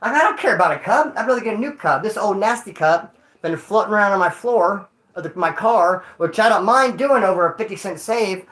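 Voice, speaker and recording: A man telling a rambling story to a live chat in casual, slangy talk, swearing freely and jumping between loud bursts and low mutters. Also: expressive, fairly quick, low-quality recording. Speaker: livestreamer.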